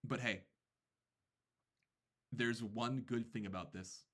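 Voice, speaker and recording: A man, a teacher, casually telling a story about his students, animated and quick with asides. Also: medium pitch.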